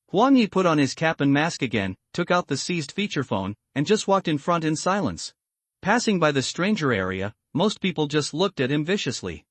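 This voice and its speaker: Measured man narrating a comic recap. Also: a little high, no room sound. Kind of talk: scripted story narration.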